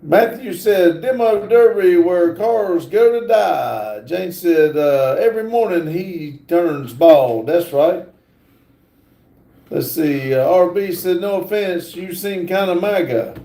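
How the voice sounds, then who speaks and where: A man chats casually on his livestream and reads viewer comments aloud, drawling with plenty of fillers. His voice sits high but sounds mellow and relaxed. The room around him is echoey. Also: takes it slowly, vocal fry. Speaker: livestream host reading chat.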